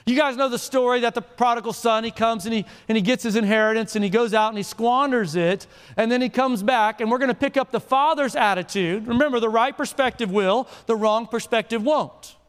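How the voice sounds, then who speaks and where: A man's voice: very high-pitched, fast talker, few pauses, clean tone. A man preaching a sermon in a large church hall, conversational and playful, asking the congregation questions. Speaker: pastor. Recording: reverberant hall.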